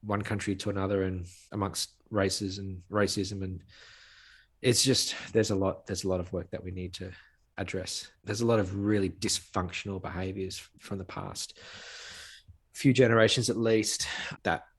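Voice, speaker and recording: A man's voice: deep voice, fairly even intonation, normal speed, husky. A man, a guest on a podcast, speaking earnestly in conversation and stressing points by repeating phrases. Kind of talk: conversational interview.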